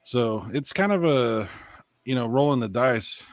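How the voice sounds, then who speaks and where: A man co-hosting a retro gaming podcast in casual chat, animated and swearing freely. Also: mid-range voice, unhurried, no echo. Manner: animated, swears freely, talks over others. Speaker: podcast co-host.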